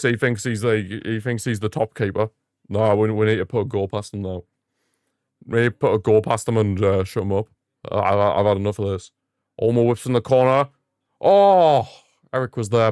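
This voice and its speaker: A young man hosting a live football watchalong, giving excitable fan commentary and ranting at the referee. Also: lowish voice, normal speed, clean tone, dry recording, studio quality. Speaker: watchalong host.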